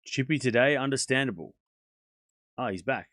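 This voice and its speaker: A man's voice: medium pitch, lively intonation, normal speed, fairly bright tone, no echo, clean studio sound. Laid-back Australian man chatting on stream. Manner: laid-back, joking, chatty, replies to chat aloud. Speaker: livestream tennis watchalong host. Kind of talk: casual live-stream chat reading viewer comments.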